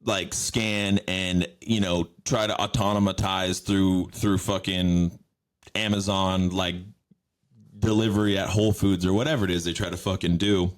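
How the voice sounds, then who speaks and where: A man's voice: sits low, fairly even intonation, a little slow. A man hosting a podcast, riffing on news stories in a rambling, profane, mocking way. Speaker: podcast host. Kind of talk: casual news commentary.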